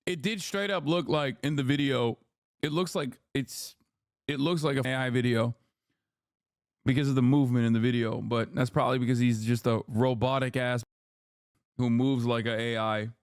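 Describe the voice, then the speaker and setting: A man giving casual political commentary as a streamer, animated and profane, often tagging his points with "okay?". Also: mid-range voice, normal speed, clean tone, no room sound, clean studio sound. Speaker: streamer reacting to news.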